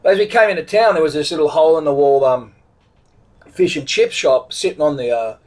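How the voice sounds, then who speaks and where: A middle-aged Australian vlogger retells a road trip story casually, speaking briskly in a voice on the high side. He rambles and frequently restarts his sentences.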